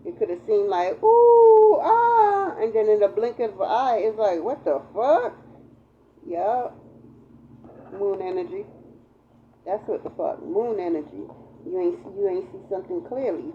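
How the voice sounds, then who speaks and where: A woman's voice: medium pitch, moderate pace, narrow, tinny audio, slight background noise. A woman tarot reader giving a casual spiritual reading, talking in a profane, emphatic, repetitive way.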